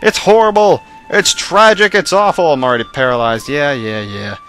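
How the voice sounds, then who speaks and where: A young man giving casual, rambling commentary over a video game, his voice strained and worn out, bursting into excited shouts. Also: a little high, moderate pace, faint music behind. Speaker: gaming commentator.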